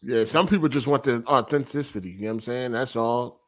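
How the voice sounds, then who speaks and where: A man's voice: medium pitch, a little fast. A man hosting a casual gaming podcast, reading out viewer comments and arguing his points loosely. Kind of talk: casual chat.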